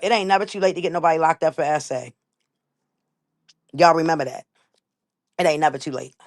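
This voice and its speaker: A woman's voice: sits low, steady tone, fast, long pauses. A woman hosting a livestream, talking bluntly and emphatically in a heated, profane rant. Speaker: livestream host.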